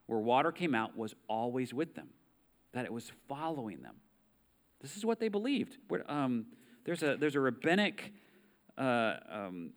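A man with an American accent preaching a sermon in a conversational way, reading scripture aloud and asking the listeners rhetorical questions. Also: medium pitch. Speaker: pastor.

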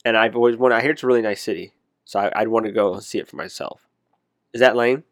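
A man's voice: on the low side, fast, no room sound. Casual chatty man, dry sound. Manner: chatty, rambling, self-correcting. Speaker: conversation partner. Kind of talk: casual chat.

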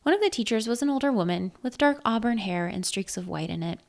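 A woman narrating a first-person story in a measured, reflective way. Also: on the high side, animated.

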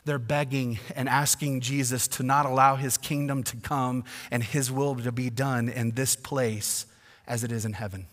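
A male pastor preaching a sermon emphatically, swinging between loud declarations and hushed asides. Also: medium pitch, steady tone, moderate pace, long reverb tail.

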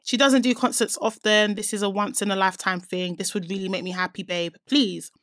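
Animated woman telling a story. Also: medium pitch, a little fast, no room sound, clean studio sound. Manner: animated storyteller, voices both sides of a quoted chat. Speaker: podcast co-host. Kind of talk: casual chat, reading out a text exchange.

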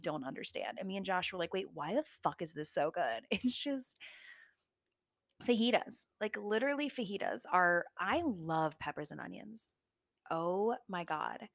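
A woman hosting a solo podcast in a relaxed, gushing way, her voice sitting a little low. She fills her sentences with "like" and drops the odd casual swear. The sound is dry and close, with no room echo. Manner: chatty, gushing, peppered with "like" and swearing. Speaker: podcast host.

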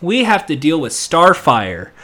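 With a slightly high voice and a measured pace, a man gives a loose, wandering recap of a TV episode as a reviewer. He stays animated throughout and performs lines from the show.

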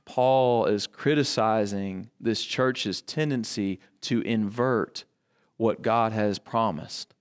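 A man's voice: lowish voice, takes it slowly, clear, resonant tone. A male pastor preaching a sermon, building emphasis through repetition and rhetorical questions.

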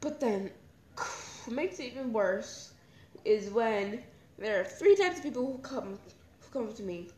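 A woman's voice: on the high side, expressive, measured pace, a little mellow. Chatty young woman in echoey room. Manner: candid, rambling, emotional. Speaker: podcast host. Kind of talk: casual personal talk. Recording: echoey room with faint ambience.

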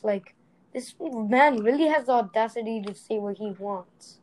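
Young woman on a podcast, lots of "like", kinda high, mellow tone. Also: expressive, moderate pace, poor audio. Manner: heavy filler words, blunt and heated. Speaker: podcast co-host. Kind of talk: casual chat.

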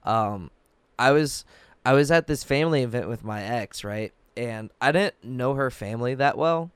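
A man's voice: mid-range voice, moderate pace, smooth, no echo. A man hosting a casual chat, talking loosely with many fillers and laughing often.

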